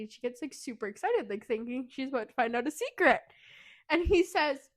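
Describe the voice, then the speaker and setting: A woman co-hosting a podcast, chatting through a book's plot in a fairly high voice. She is animated and giggly as she retells it. She slips into a higher voice to act out the characters' lines. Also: fairly quick. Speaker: podcast co-host. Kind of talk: casual book recap chat.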